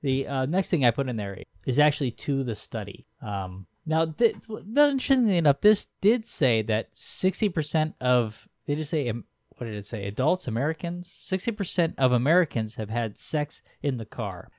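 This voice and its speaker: A man's voice: medium pitch, big pitch swings, moderate pace, hardly any pauses, a little mellow, no room sound, studio quality. A man co-hosting a casual podcast, teasing his co-hosts and laughing often. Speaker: podcast co-host. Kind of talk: casual chat.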